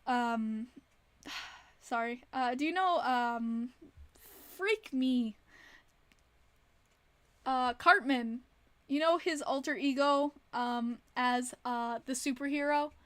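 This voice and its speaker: A woman's voice: sits high, takes it slowly, long pauses, fairly bright tone, dry recording. A young woman casually telling rambling stories on a livestream, giggling often between her words. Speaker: streamer.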